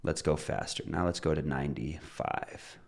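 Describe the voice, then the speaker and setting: A very deep-voiced man teaching English pronunciation in an upbeat way. He explains each point step by step and reads short rhymes to a steady beat. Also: normal speed, gravelly, a little hiss or hum. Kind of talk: online English pronunciation lesson.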